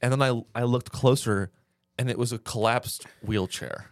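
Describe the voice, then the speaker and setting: Wry man with a mid-pitched voice. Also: fairly even intonation, normal speed, dry recording, clean studio sound. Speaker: comedian podcast co-host. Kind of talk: casual chat, storytelling.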